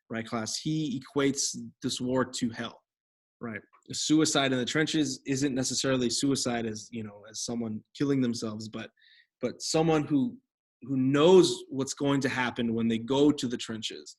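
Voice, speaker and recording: A man's voice: medium pitch, normal speed. A young adult man teaching a history lecture over slides, rambling with many fillers and self-corrections.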